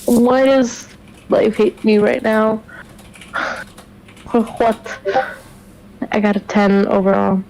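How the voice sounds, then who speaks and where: A woman's voice: fairly high pitch, steady tone, drawn-out words, creaky, long pauses, a little mellow, slight background noise, poor audio. A woman player bantering in character at a tabletop game, joking and exasperated.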